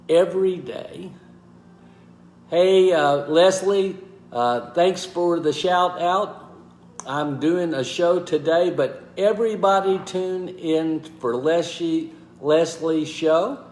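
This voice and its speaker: A man hosting a motivational live talk, speaking haltingly with pauses and restarts and greeting viewers by name. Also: on the high side, expressive, darkish tone, roomy sound, a little hiss or hum. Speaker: host.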